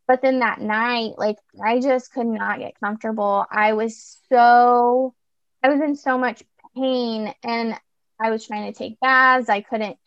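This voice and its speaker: Young woman, podcast guest, chatty storyteller with fillers, slightly high pitch, muffled recording. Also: fairly even intonation, a little slow, clear, resonant tone, no echo. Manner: chatty, lots of fillers and restarts. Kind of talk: personal storytelling. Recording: dull lo-fi dry recording.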